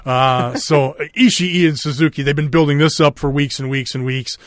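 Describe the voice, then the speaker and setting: A man with a Minnesota accent runs a casual podcast chat, rambling through fillers, restarts and the odd curse word. His voice sits a bit high for a man. The sound is dry and close, with no room around it. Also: steady tone, normal speed, dry recording. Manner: rambling, many fillers, swears and laughs. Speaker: podcast host.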